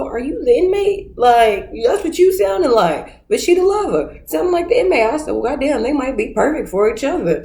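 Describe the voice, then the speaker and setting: A woman casually recapping a reality show, animated and acting out scenes in put-on voices. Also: fairly low pitch. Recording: roomy echo.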